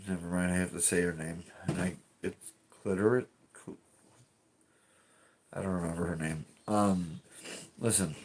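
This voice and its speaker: Lowish-voiced guy rambling on his stream at home, swears a lot. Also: fairly even intonation, measured pace, long pauses. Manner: rambling, profane, restarts often. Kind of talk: casual live-stream chat.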